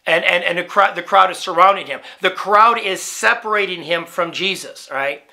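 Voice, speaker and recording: A man's voice: high voice, moderate pace, vocal fry, sharp tone. A male pastor preaching a sermon in a conversational way, often checking in with "right?", restarting phrases and building to emphatic rhetorical questions.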